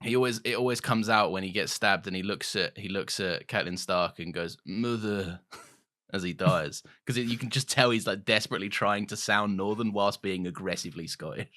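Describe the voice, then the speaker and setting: A man co-hosting a casual film-review podcast, jokey and animated, swearing freely. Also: lowish voice, a little fast. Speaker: podcast co-host.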